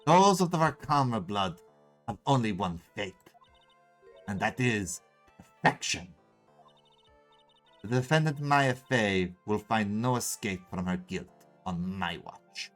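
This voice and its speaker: A man's voice: on the low side, expressive, unhurried, few pauses, a bit bright, soft background music, voice pushed down. A man voicing a haughty young female prosecutor in a game playthrough, with a put-on German accent that comes and goes. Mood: haughty menacing. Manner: cold, threatening. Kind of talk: game voice-over let's play.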